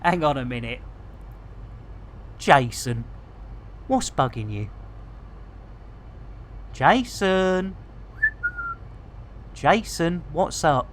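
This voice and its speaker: A man's voice: a little high, expressive, very slow, pauses often, slight background noise. A man rambling casually to his chat while streaming a game. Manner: chatty, rambling, jokey.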